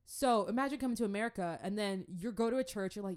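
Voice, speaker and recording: A young woman from the Congo telling stories in a casual, playful way. She is animated and often slips into acted-out voices. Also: mid-range voice, quick pace. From Democratic Republic of the Congo. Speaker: vlogger. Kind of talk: casual storytelling commentary.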